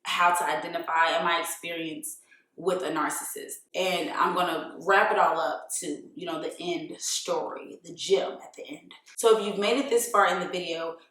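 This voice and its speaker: A woman's voice: fairly low pitch, steady tone, normal speed, fairly bright tone, slight background noise. A woman telling a personal story in a candid vlog, frank and profane, with lots of "like" fillers. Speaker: vlogger. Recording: very echoey room.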